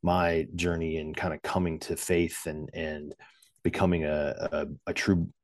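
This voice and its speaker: A man with a very low, deep voice speaks in a loose, rambling way, full of fillers and restarts. He jokes about himself as he talks through his story. The sound is dry and close, with no room around it. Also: little pitch movement, measured pace, dry recording. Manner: self-deprecating humor. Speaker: podcast guest. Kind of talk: casual conversational interview.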